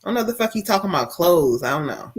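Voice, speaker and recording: A woman's voice: on the low side, big pitch swings, fast talker, husky. A woman medium giving spirit readings on a live stream, emotional and profane. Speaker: psychic medium.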